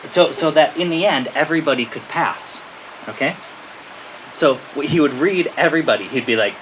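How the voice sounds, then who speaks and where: An American man, a spiritual teacher, telling a story to his listeners in a lively way, often checking in with "okay?" and laughing at himself. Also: mid-range voice, fairly quick, rough recording. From United States. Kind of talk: storytelling talk to a spiritual audience. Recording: steady rain-like background noise.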